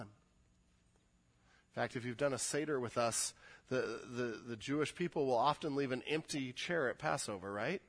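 A man preaching a sermon in an animated way, building to emphatic peaks. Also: medium pitch, moderate pace. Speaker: pastor.

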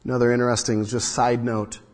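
Long hall reverb surrounds a man preaching a sermon at a slightly quick pace, his medium-pitched voice level in tone. He's an earnest pastor whose loudness rises and falls as he performs the quotes.

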